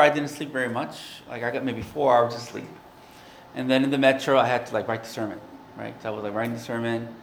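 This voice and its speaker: A man's voice: mid-range voice, slight background noise. Man preaching in an echoey room. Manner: earnest, conversational preaching with fillers. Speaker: pastor. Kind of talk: sermon.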